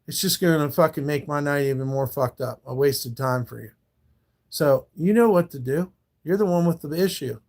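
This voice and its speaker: A man live streaming, talking back to his viewers in a confrontational, profane rant. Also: a little high.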